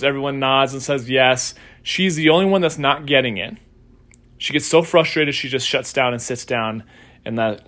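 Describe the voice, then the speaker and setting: A man hosting a casual solo podcast as a coach, telling a story in a relaxed, conversational way. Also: medium pitch. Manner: conversational storytelling, acts out quoted voices.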